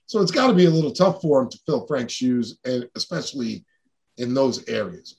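A man's voice: medium pitch, animated, brisk, gravelly, darkish tone. A man, chatting casually as a guest on a video call, laid-back and swearing freely. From New York, Long Island. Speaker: guest guitarist. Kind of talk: casual interview chat.

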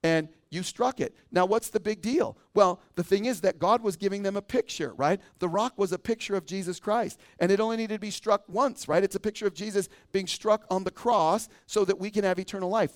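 A man preaching as teaching pastor in a radio sermon, reading scripture and acting out quoted complaints with laughs. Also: high voice.

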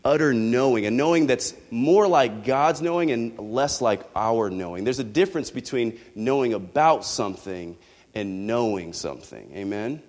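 A male pastor preaching a sermon, animated, with rhetorical questions to the congregation. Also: mid-range voice, moderate pace. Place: church hall. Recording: echoey hall.

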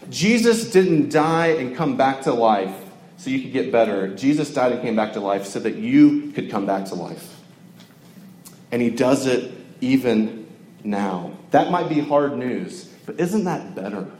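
Young male preacher from Georgia, loose and chatty, mid-pitched voice, reverberant hall with low background hum. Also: a little mellow. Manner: conversational, joking, lots of filler words. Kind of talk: casual sermon to a campus crowd. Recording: echoey hall with faint ambience.

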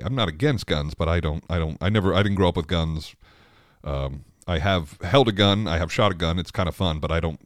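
Talking alone on his podcast, this host rambles casually, keeps restarting his sentences and breaks into frequent laughter. He has a very deep voice, captured in a dry, clean studio recording.

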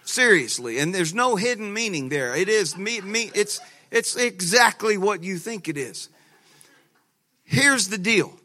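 Man, pastor, sermon, high voice, bright tone, animated storytelling, church sanctuary. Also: measured pace. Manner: animated storytelling with laughs and restarts.

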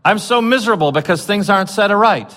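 A man mocking a miserable soul in heaven with an exaggerated, high whine. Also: expressive, fast, a bit bright, in a large hall. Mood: whiny.

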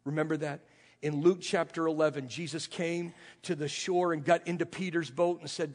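A man's voice: a little high, fairly even intonation, fairly quick. A male pastor preaching a sermon, retelling a story with dramatic, acted-out quotes. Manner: dramatic storytelling, acting out the lines of the people in the story. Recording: long reverb of a large hall.

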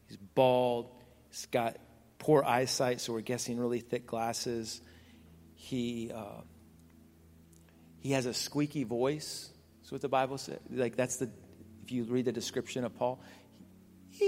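Man preaching emphatically in a reverberant church. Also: mid-range voice. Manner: emphatic, repetitive preaching with sudden loud and soft swings. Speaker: pastor. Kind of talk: sermon. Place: large church hall. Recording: long hall reverb with soft music behind.

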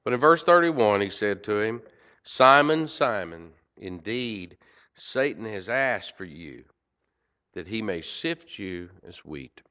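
A man preaching a sermon, swinging from loud emphasis to quiet asides. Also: lowish voice, expressive, slow pace. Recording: dull lo-fi recording.

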